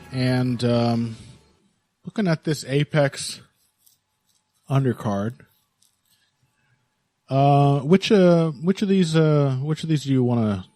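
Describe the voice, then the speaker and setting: A man's voice: mid-range voice, darkish tone, dry recording. A man co-hosting a combat sports podcast in casual chat, wry and laughing often, with plenty of fillers. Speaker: podcast co-host.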